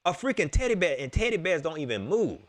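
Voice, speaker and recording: A man hosting a casual sports talk stream, animated and joking, repeating his lines for effect. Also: fairly high pitch, quick pace.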